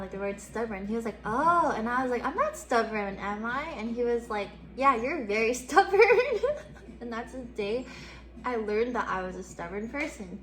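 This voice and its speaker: Lively young woman streamer, bright voice. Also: fairly high pitch. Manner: animated, laughing often, swears casually. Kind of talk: casual storytelling to stream chat.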